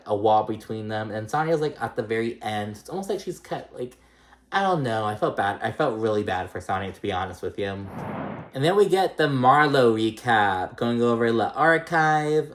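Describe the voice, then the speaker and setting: A vlogger giving a casual, chatty recap of a reality show episode, swearing freely and using lots of "um" and "like". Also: medium pitch. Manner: chatty, swearing, many fillers.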